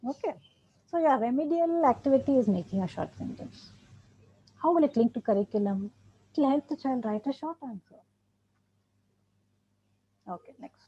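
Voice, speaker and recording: A special education trainer with an Indian English accent gives an emphatic training lecture to teachers and parents, repeating her points. Her high, slightly rough voice has lively intonation, normal speed, and long pauses, in a dull, muffled lecture recording.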